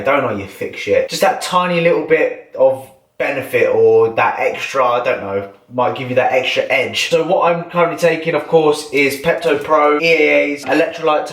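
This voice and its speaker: A man's voice: medium pitch, a bit bright. A young man, a bodybuilder vlogger, chatting casually and bluntly to the camera in his home kitchen, swearing freely. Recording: echoey room.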